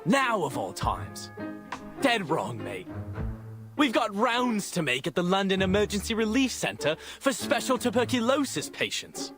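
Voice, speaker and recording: An exuberant, boastful civil servant. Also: male voice, high-pitched, very animated, unhurried. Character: bouncy, self-important male civil servant. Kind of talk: video game voice acting. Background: music.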